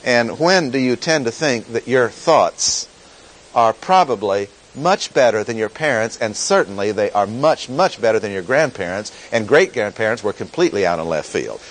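A man teaching through a Bible passage in a sermon, deliberate and emphatic, repeating key phrases. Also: medium pitch, lively intonation, low-quality recording. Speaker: pastor teaching.

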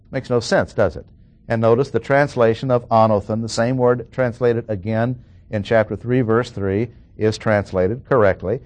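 A man delivering a verse-by-verse sermon at an ordinary mid-range pitch. He slows down to stress single words and throws questions at his listeners. The recording is dry and close, with little room sound. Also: a little mellow, no echo. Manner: emphatic, drawn-out stresses on key words, asks the audience questions. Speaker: preacher. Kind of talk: sermon, Bible exposition.

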